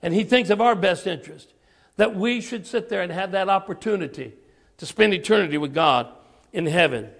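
A man's voice: high-pitched, lively intonation, fairly quick, gravelly, fairly bright tone. An older man preaching an earnest sermon, telling stories with rising emphasis.

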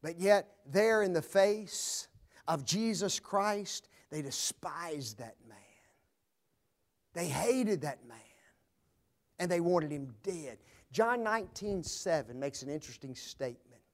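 A male preacher delivering a sermon, swinging dramatically between loud proclamation and hushed low tones. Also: animated, takes it slowly.

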